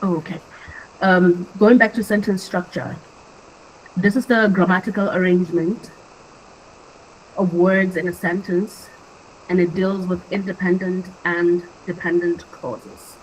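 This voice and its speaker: A young adult woman from Africa speaks in a fairly low voice as she leads an online poetry workshop. She explains things earnestly and conversationally, often pausing on fillers. A faint background hiss sits behind her. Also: little pitch movement, poor audio.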